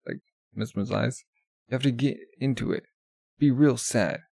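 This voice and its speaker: A man's voice: mid-range voice, normal speed, vocal fry, darkish tone, breathy edge, no room sound. A man reading comic-book dialogue aloud in a casual way, voicing the characters in his own plain voice and often stumbling and restarting. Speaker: manga reader.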